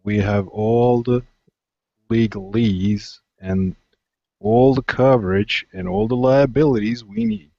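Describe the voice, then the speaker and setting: A man's voice: fairly low pitch, slow pace, vocal fry, dry recording, lo-fi sound. A man playing a tabletop game, bluntly speaking in character. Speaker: player.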